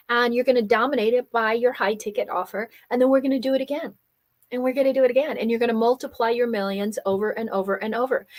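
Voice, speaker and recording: A woman from Germany who speaks English with no accent, hosting a live coaching workshop and pitching her program persuasively, checking in with "okay?" and "right?" all the time. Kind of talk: live webinar sales pitch.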